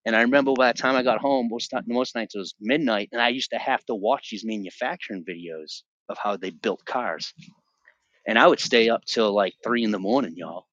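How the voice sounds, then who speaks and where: A man shares his personal faith story as a podcast guest. He speaks earnestly and with feeling, circling back on his own phrases for emphasis. His voice sits a little low, and the recording is muffled and lo-fi. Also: brisk, fairly bright tone, no room sound. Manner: earnest, emotional, repeats himself for emphasis. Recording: dull lo-fi dry sound.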